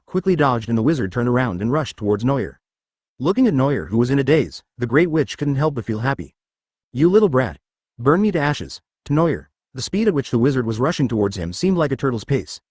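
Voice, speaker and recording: A male narrator reads a fan story aloud in a synthetic audiobook voice. His pitch swings widely, and the sound is close and dry. Censored words come out as letters and asterisks. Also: darkish tone, no echo.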